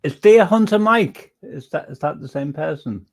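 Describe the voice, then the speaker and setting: English man, chat host, rambly and halting, casual. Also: fairly high pitch, expressive. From England.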